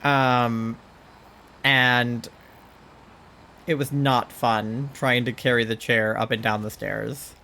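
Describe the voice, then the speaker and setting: A man's voice: medium pitch, steady tone, slow, creaky, long pauses, pushed and bright, a little hiss or hum. A man streaming a game, chatting casually and rambling, with frequent swearing and lots of "like" and "um". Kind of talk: casual chat while gaming.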